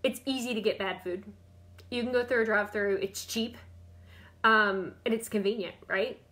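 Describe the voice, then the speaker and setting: A woman's voice: medium pitch, fairly even intonation, moderate pace, fairly bright tone. A woman in her thirties or forties, talking on a live stream as a diet coach, chatty and repeating herself, calling out viewers by name. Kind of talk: Facebook Live talk.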